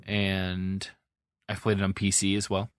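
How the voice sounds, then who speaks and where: A man's voice: low-pitched, monotone, measured pace, clear, resonant tone, no echo, studio quality. A man co-hosting a podcast, talking in a rambling, easygoing way with many fillers. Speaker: podcast co-host. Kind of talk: casual chat.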